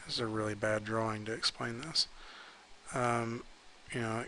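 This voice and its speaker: A man's voice: lowish voice, moderate pace, a little hiss or hum, rough recording. A man giving casual spoken feedback on pose drawings while sketching, hesitant and full of fillers. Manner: relaxed, hesitant, many ums and likes.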